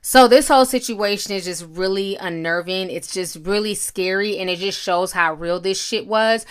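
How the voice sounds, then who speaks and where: A woman's voice: mid-range voice, normal speed, clear, resonant tone. A woman hosting casual news commentary, reading articles aloud and then talking them over. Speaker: commentary host.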